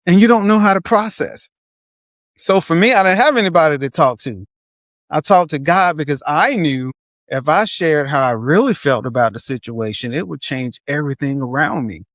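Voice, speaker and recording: A man's voice: on the high side, expressive, moderate pace, a bit bright, no echo, studio quality. A man speaking as an interview guest, reflective and candid, in short phrases. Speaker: guest, father. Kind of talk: casual interview chat.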